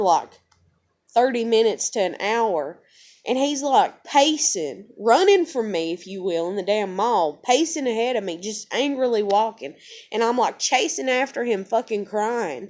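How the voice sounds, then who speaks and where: A young woman, telling a personal story to her vlog in a blunt, profane, emotional way. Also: a little high. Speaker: vlogger.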